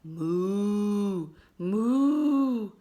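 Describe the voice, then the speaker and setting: A woman voicing a brisk farm cow who lows and answers quickly in a storybook reading. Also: animated, dark tone. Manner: quick, lowing.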